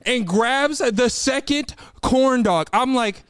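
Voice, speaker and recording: A man's voice: very high voice, slow, a bit bright, smooth, no echo, clean studio sound. A man co-hosting a casual chat who laughs and chimes in with disbelieving punchlines. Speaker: podcast co-host.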